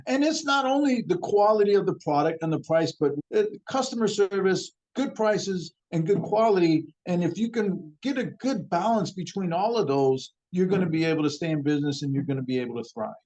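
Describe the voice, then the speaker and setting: A man's voice: high voice, expressive, a little fast, hardly any pauses, a little mellow, muffled recording. A man speaking as a guest on a podcast interview, earnest and often repeating words as he thinks. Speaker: guest, ingredient supplier.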